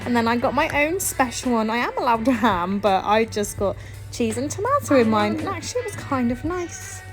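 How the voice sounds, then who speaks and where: A woman's voice: a little high, big pitch swings, a little fast, over music, low-quality recording. A woman with a British English accent talking casually and cheerfully in a home cookery vlog, laughing often. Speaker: vlogger, homemaker. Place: home kitchen.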